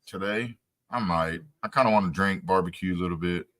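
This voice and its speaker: A man's voice: sits low, a little fast, fairly bright tone. A man co-hosting a podcast, chatting casually and profanely, retelling stories with quoted reactions. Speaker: podcast co-host. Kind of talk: casual late-night chat.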